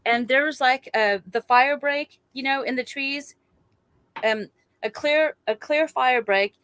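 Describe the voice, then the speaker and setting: A woman, a guest telling a personal story in a chatty, animated way and acting out other people's lines. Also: high-pitched, unhurried, no room sound. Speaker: guest recounting a sighting.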